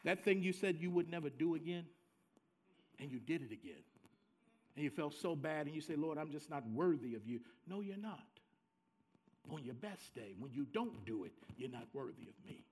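A man preaching a sermon as pastor, with dramatic swings from soft low asides to loud, high cries. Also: expressive, moderate pace, husky.

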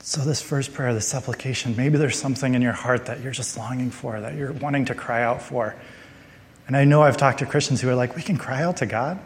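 A young adult man delivers a conversational sermon as a guest speaker, mid-pitched and easygoing. He often acts out prayers in quoted voices. His voice rings with the long reverb of a large hall. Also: steady tone, fairly quick. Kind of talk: sermon teaching.

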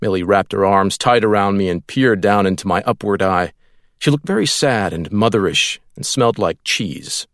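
A man's voice: lowish voice, normal speed, a bit bright, no echo. Dry-voiced male audiobook narrator.

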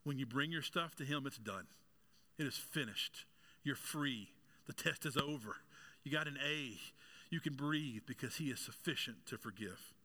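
A male pastor delivering a sermon in a bright, forceful voice. He throws questions out to the congregation and slips in jokes as his delivery climbs in energy. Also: medium pitch, normal speed. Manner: preaching with rising intensity, asking the congregation questions; joking aside with congregation members.

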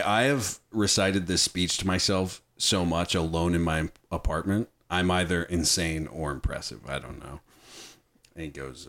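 A man hosting a casual film discussion, talking enthusiastically and swearing freely. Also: low voice. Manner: profane, enthusiastic, animated. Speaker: podcast host.

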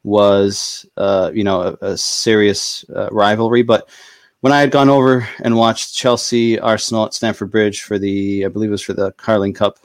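Low-pitched male guest, thinks out loud, steady and filler-heavy, dry close recording. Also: no room sound. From United States. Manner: measured, thoughtful, many fillers. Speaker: podcast guest. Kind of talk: casual chat.

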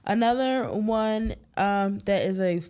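A woman's voice: mid-range voice, slow pace, darkish tone, clean tone. A woman in casual chat who works retail, rambling with lots of "like" fillers and frequent swearing. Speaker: retail store worker.

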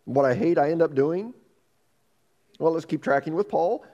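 Lively-pitched preaching man. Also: normal speed, highs cut off. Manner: animated preaching, acts out inner voices, repeats words. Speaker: pastor. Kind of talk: sermon.

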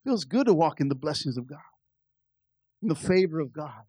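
Fervent high-voiced male preacher, dry sound. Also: sing-song, moderate pace, mellow, breathy edge, no room sound. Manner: fervent, repeats calls to the congregation. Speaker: pastor. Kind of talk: sermon. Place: church service.

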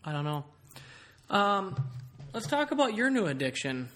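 A man's voice: high voice, very animated, unhurried, pushed and bright. A man hosting a casual podcast, telling a rambling story with many fillers. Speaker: podcast host.

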